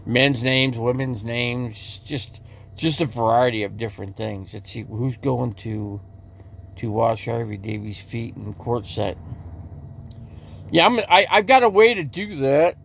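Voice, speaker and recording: A man's voice: medium pitch, measured pace, creaky, a little hiss or hum. A man livestreaming casual chat from inside his RV, rambling and restarting his sentences as he talks to viewers in the chat. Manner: rambling, with many restarts and repeated words.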